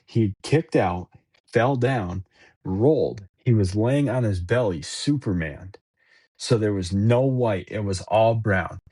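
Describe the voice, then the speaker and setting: A man's voice: on the low side, takes it slowly, mellow, slightly rough, dry recording. A man, a podcast guest, telling a long hunting story casually, rambling and repeating words as he acts out what others said.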